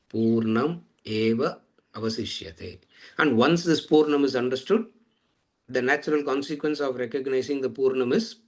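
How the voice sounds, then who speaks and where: A man giving a Vedanta scripture lecture, explaining verses in a measured way and chanting Sanskrit lines slowly, often trailing off softly. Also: medium pitch. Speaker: Vedanta teacher.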